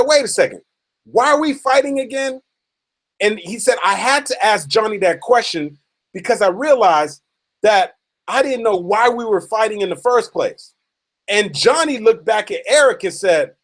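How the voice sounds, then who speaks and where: A man with a high voice tells a motivational story. He plays out the dialogue as he retells it and keeps dropping in "man". He builds the scene slowly, then speeds up at the dramatic moments. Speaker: motivational speaker.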